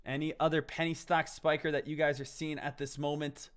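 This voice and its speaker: A man's voice: on the high side, little pitch movement, fairly quick, a bit bright, clear, resonant tone. A man hosting a live trading stream, chatting casually and answering his viewers, often repeating the word "again.".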